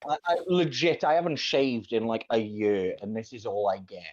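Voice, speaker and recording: A man in his late thirties from South Wales with a South Welsh accent, chatting casually, animated and self-mocking, swearing freely. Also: fairly low pitch, normal speed, slight background noise. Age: late 30s. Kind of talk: casual chat. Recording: dull lo-fi stream audio.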